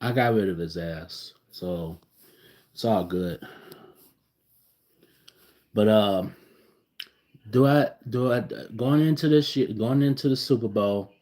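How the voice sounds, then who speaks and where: A man giving a casual, profane reaction rant as a sports fan vlogger, swinging between loud outbursts and low muttering. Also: slow pace, long pauses.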